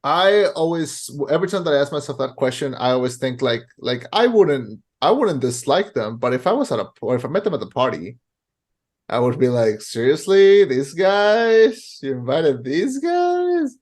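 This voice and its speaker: A man co-hosting a podcast, chatting casually about a film and retelling its scenes in animated, rapid bursts. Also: medium pitch. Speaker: podcast co-host. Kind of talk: casual movie review chat.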